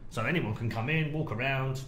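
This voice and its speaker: Here a middle-aged British man co-hosting a casual podcast, who also works as an esports broadcaster, acts out quotes while telling an animated story. His pitch is medium and his pace fairly quick; the room echoes and there's faint noise.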